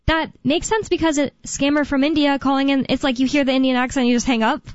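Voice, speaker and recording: A woman co-hosting a call-in talk radio show chats casually, rambles a bit, and laughs often. She talks fast in a high, steady voice with no echo, and the recording has a dull, lo-fi radio sound.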